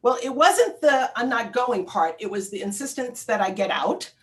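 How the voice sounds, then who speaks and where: Lively, storytelling woman with many fillers. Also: on the high side, moderate pace. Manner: animated storyteller with frequent fillers and restarts. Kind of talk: personal anecdote in a panel talk.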